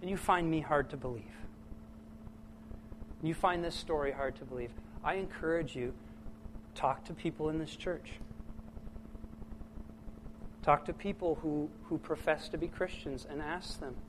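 Impassioned preacher man, loud then hushed. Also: fairly high pitch, a little slow, long pauses, slight background noise, rough recording. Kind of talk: sermon.

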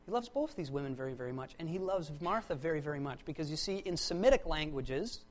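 Preacher in mid-sermon, emphatic and repetitive, dynamic from forceful to hushed. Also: fast. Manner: expressive, swings between loud emphasis and hushed lows; repeats words for emphasis.

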